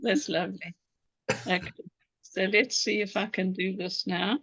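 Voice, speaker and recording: A woman's voice: medium pitch, fairly even intonation, unhurried, fairly bright tone, breathy edge, dry recording. A woman hosting a video call meeting, chatting and fumbling aloud with her screen sharing. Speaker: host. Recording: dull, dry video call audio.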